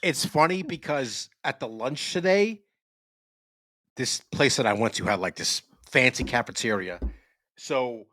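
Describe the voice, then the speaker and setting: A man's voice: mid-range voice, unhurried, no room sound. A man co-hosting a podcast, telling rambling stories with lots of swearing. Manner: animated, profane storyteller. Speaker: podcast co-host. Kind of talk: casual chat.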